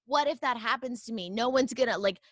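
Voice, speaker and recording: A woman co-host talks in a rambling, confessional way, full of likes and ums. Her voice is bright and a little high. The recording is dry and close. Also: brisk, no room sound. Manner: confessional, rambling with many fillers. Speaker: podcast co-host. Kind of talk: casual interview chat.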